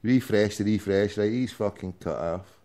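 A man's voice: on the low side, normal speed, mellow, a little hiss or hum. A man hosting an internet radio show, teasing his callers and swearing freely in casual banter. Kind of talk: casual call-in chat.

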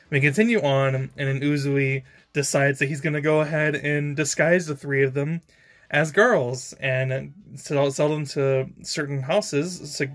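A man's voice: mid-range voice, a bit bright. A man giving a casual episode review, chatty and laughing often, with lots of fillers and casual swearing. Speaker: anime reviewer. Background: faint background music.

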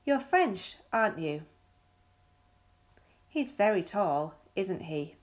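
A woman on textbook audio, carefully reading out example questions with clear, marked intonation. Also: medium pitch, very animated, slow pace. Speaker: recorded audio speaker.

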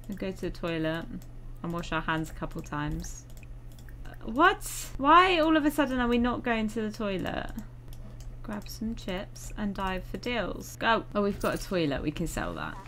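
A woman's voice: on the low side, fairly bright tone, a little hiss or hum. A young woman chatting casually through a life-sim game, chatty and self-mocking, swearing now and then when annoyed. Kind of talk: casual gameplay commentary.

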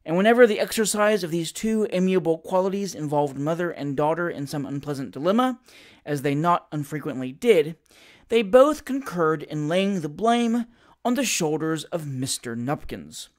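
A reader narrating a classic comic novel as an audiobook, with an expressive, theatrical delivery. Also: mid-range voice, moderate pace.

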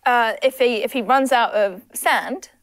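A woman's voice: on the high side, a little slow. A woman hosting a party game on a livestream, flustered and laughing often. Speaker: game host.

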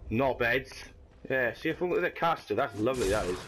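A man commenting on his own gameplay, swearing and shouting in frustration at enemies. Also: medium pitch, animated, brisk, slight background noise. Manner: sweary, frustrated outbursts at the game. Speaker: gamer. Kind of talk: let's play commentary.

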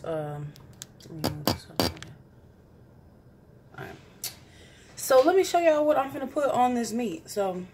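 A woman's voice: mid-range voice, darkish tone, slight background noise. A woman, chatting playfully through a home cooking vlog and laughing at herself. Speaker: vlogger. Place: home kitchen.

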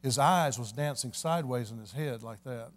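A man preaching a revival sermon in church, telling a story in a folksy way and building to fervent shouting. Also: mid-range voice, moderate pace. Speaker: evangelist preacher. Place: church service.

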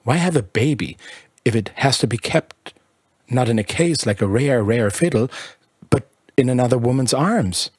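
A male narrator reads a classic short story in a measured, lyrical manner. His voice sits at a middling pitch and has a husky grain. The recording is dry and close, with no room sound. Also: expressive, a little mellow, dry recording. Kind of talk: scripted audiobook narration.

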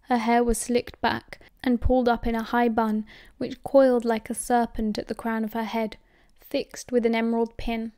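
Woman, British accent, audiobook narrator, higher voice, dry close sound. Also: dry recording. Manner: steady, measured storytelling. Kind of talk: scripted narration.

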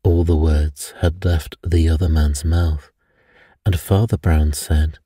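Slow, deep bedtime storyteller man. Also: slightly rough, no echo. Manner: soft and even for sleep.

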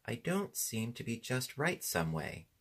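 A man's voice: mid-range voice, sing-song, fairly bright tone, slightly rough, pitched above the performer's own voice, full character voice. A man voicing a puzzled wooden saw-horse. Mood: wondering. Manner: slow, wondering, literal-minded questions. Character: bewildered, humble wooden saw-horse come to life. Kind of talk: audiobook reading.

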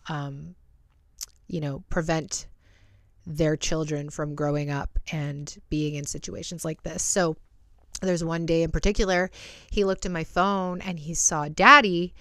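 A woman's voice: low voice, fairly bright tone, dry recording, clean studio sound. A young woman hosting a podcast, telling a personal story candidly and emotionally, swearing freely. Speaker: podcast host.

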